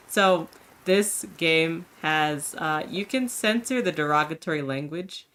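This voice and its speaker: A woman's voice: low-pitched, unhurried, fairly bright tone, slight background noise. A woman streamer chatting casually and upbeat with viewers about a game demo.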